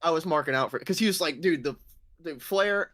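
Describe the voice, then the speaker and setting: A man co-hosting a casual podcast, excitable, swearing often and calling people dude and bro. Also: a little high, brisk, dry recording, studio quality. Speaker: podcast co-host. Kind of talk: casual chat.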